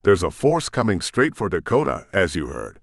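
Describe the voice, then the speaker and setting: A man voicing a steady, matter-of-fact female soldier briefing on an attack in an audiobook. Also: low voice, normal speed, gravelly, dry recording, studio quality, exaggerated voice. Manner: steady, explanatory.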